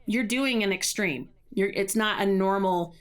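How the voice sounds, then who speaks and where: A woman's voice: mid-range voice, a little slow. A middle-aged woman, a vocal coach, explaining voice care in a podcast interview. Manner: explanatory, uses running metaphors.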